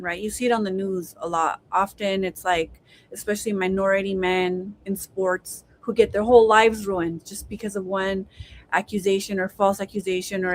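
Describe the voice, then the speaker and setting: A woman's voice: mid-range voice, poor audio. A woman co-hosting a casual chat, thinking aloud with many hedges and fillers. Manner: thoughtful, hedging with fillers.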